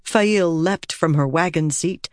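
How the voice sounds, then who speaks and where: Audiobook narrator: measured and steady, mid pitch, close, dry studio sound. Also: dry recording. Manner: measured and steady, voicing characters. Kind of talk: scripted narration.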